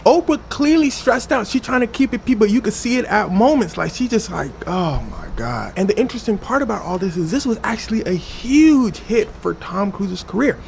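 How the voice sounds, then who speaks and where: Animated gravelly male storyteller. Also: sits high, a little fast, hardly any pauses, slight background noise. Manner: animated, slangy retelling. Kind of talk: comedic storytelling.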